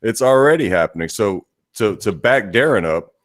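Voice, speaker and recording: A man co-hosting a political podcast, jumping in with jokes and quick, animated bursts. His voice is very low and dry, close to the mic. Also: dry recording. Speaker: podcast co-host. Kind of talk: casual political discussion.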